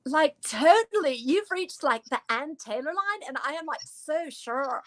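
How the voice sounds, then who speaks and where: Woman putting on a very high, bubbly Californian valley girl, ditzy phone greeter. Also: lively intonation, a little slow. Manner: ditzy, full of "like".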